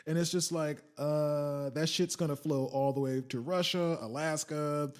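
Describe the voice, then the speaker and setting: A man's voice: fairly high pitch, fairly even intonation, measured pace. A man hosting a casual solo podcast, rambling and swearing, switching into mocking quoted voices. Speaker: podcast host.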